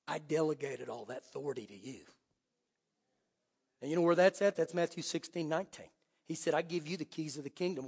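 Male pastor, high voice, animated sermon delivery, church hall echo. Loud-to-hushed swings. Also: husky.

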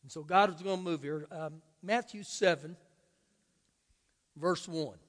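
A man's voice: a little high, unhurried, fairly bright tone. A male pastor preaching an earnest, emphatic sermon in a church, drawing out key words of scripture for stress. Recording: long reverb of a large hall.

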